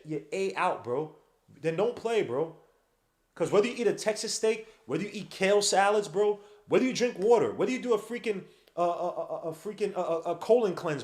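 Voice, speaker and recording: A man's voice: sits high, lively intonation, a little fast. Ranting male podcast host, roomy echo. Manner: slangy, ranting, calls listeners bro. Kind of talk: live game watch-along commentary.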